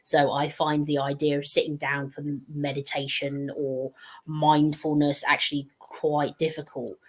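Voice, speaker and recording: A chatty woman with a low voice talks as a panel guest. She meanders through her points and pokes fun at herself. It is a relaxed, conversational delivery. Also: a little slow. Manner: chatty and meandering, self-deprecating. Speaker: guest speaker. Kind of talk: casual panel discussion.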